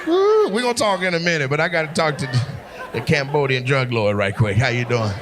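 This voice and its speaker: A man's voice: mid-range voice, very animated, a little fast. A man doing teasing, profane crowd work as a stand-up comedian on a club stage. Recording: live show with crowd noise. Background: audience laughter.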